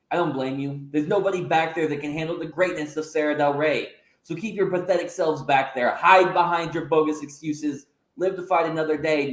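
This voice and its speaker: A man's voice: on the high side, natural voice. A man voicing an arrogant, boastful female wrestling champion who taunts her rivals. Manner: haughty, taunting. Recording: roomy echo.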